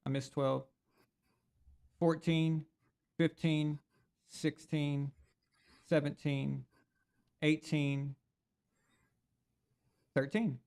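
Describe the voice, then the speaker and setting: A man's voice: on the high side, level tone, very slow, vocal fry, long pauses, a little mellow. A man hosting a live sports reaction stream, talking casually and animatedly. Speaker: sports show host.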